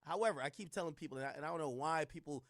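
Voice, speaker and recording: A man's voice: a little high, racing, no room sound, studio quality. A man streaming casual reaction commentary, rambling and slangy with frequent restarts.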